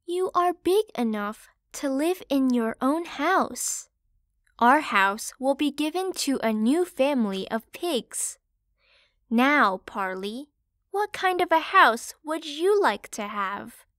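A woman voicing an aging mother pig who is caring and worried, speaking softly and slowly in an audiobook. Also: high voice, expressive, no echo, clean studio sound, pitched above the performer's own voice, exaggerated voice. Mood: gentle worried. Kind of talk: audiobook character voice.

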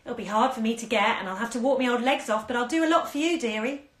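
A woman voicing a greedy old crone who croaks and wheedles, mocking the girl she is cheating. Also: on the high side, expressive, fast, fairly bright tone, reverberant, pitched above the performer's own voice. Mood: wheedling.

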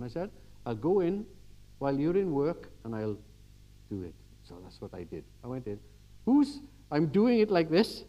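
A man's voice: sits high, dull audio. Older man preaching a homely sermon. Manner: homely storytelling, swings from quiet to emphatic.

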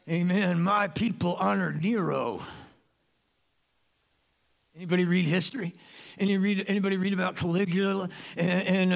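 What sounds like a church service in a sanctuary features a pastor preaching in a high, gravelly man's voice. He's lively and full of jokes, and he launches into loud, emphatic bursts.

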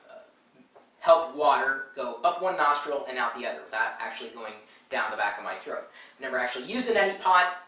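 A man's voice: medium pitch, far from the mic. A man with a stuffed-up, nasal voice chatting casually for a home video, rambling with lots of fillers. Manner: rambling with many filler uhs. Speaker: vlogger. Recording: bright echoey room, a bit off-mic.

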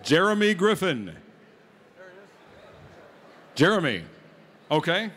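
High-voiced joking contest emcee man. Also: sing-song, slow, bright, forceful tone. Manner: joking, upbeat, hyping the crowd. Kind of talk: live event announcing on a PA.

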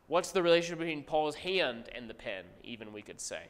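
A man's voice: on the high side, animated, fairly quick. Man lecturing in an echoey room. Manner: conversational, repeats points, asks class questions. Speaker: Bible teacher. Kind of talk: classroom theology lecture.

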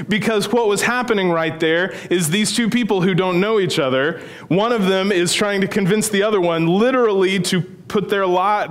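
A man's voice: high-pitched, fairly bright tone. A middle-aged male pastor preaching a sermon in a church, telling a story in a conversational, humorous way. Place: church sanctuary.

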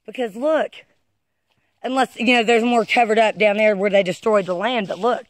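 Walking a wooded trail, a woman films an excited vlog on her handheld phone, breathlessly exclaiming and repeatedly urging viewers to look. Her mid-range voice has fairly even intonation at normal speed, with no room sound.

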